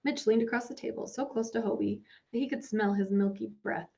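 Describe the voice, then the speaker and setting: A woman narrates a story in a measured, storytelling manner. Her voice is mid-pitched. The recording is a little dull and lo-fi. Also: fairly even intonation, gravelly, darkish tone. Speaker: audiobook narrator. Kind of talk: scripted narration.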